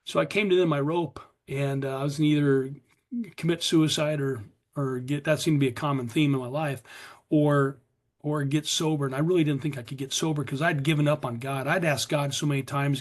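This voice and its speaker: A man's voice: a little high, fairly even intonation, fairly quick. A middle-aged American man telling his recovery story in earnest, confessional form at a meeting, acting out what his past self said. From USA. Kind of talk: personal testimony at a recovery meeting.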